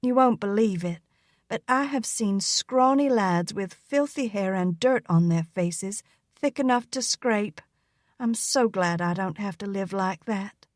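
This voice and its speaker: A woman's voice: medium pitch, a little slow, no echo, lightly acted. Brief: young southern belle, silky drawl, sly and teasing, read by a woman, dry close read. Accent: American Southern.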